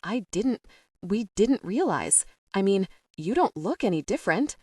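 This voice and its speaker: A woman's voice: medium pitch, very animated, a little slow, mellow, husky, no room sound, clean studio sound, recorded from a distance. Woman reading as an awkward young office coworker. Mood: hesitant. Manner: hesitant and awkward.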